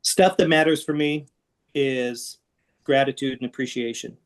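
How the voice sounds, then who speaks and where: On an interview podcast, a middle-aged guest from the Seattle area talks in an unhurried, mid-range voice. He recounts his past frankly, with self-deprecating humor and lively asides.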